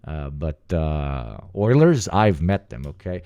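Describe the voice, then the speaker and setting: A young man rants crudely to his stream chat, mocking and joking as he goes. His voice sits low, and the sound is dry and close. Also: sing-song, a little slow, creaky, few pauses, darkish tone, dry recording. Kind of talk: casual profane stream commentary.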